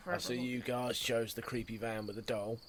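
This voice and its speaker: A man with a relaxed, chatty manner, narrating as game master. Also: mid-range voice, moderate pace, slight background noise. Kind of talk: narrating a tabletop game and voicing characters.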